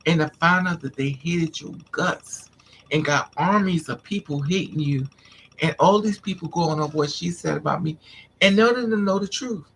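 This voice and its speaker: Venting to his viewers, a male vlogger tells a painful personal story with intensity, going over the same points again and again. His voice sits high and sounds husky with a fairly bright tone.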